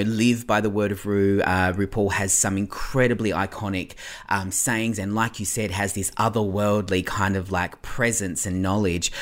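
Effusive, lower-voiced man hosting. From Australia. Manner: gushing, effusive, rambling. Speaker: podcast host. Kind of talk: casual interview chat.

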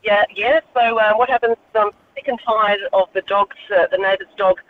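A woman calling in to a radio show, telling a fed-up, animated story. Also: mid-range voice, fairly quick, a little hiss or hum. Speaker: radio caller. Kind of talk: phone-in storytelling. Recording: tinny distant phone line.

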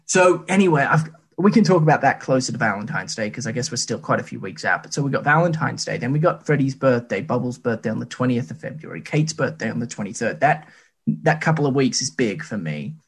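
Husky-voiced man in his late twenties. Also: mid-range voice, animated, fast. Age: late 20s. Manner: rambling anecdotal storyteller, self-deprecating. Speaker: podcast co-host. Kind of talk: casual chat.

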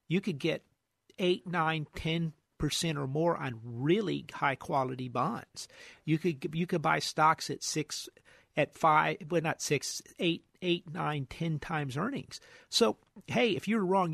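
A man hosting a financial radio show, losing his voice, talking fast about markets with many restarts and repeated words. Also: a little high, creaky, breathy edge, no echo, clean studio sound.

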